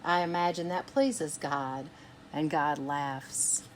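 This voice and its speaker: A woman reading a picture book aloud for children's storytime, pausing to ask her young listeners gentle questions. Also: deep voice, steady tone, slight background noise. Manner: gentle, asks listeners questions between passages.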